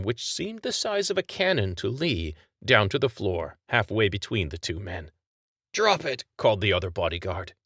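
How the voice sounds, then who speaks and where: A man reading his own story aloud as scripted audiobook narration, with a measured, even storytelling delivery. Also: low-pitched, dry recording, studio quality.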